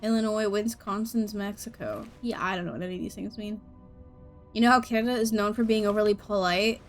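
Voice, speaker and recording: A woman's voice: medium pitch, fairly quick, soft background music. A young woman streaming a game, chatting casually, giggling and reacting to chat as she plays. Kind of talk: casual gameplay commentary.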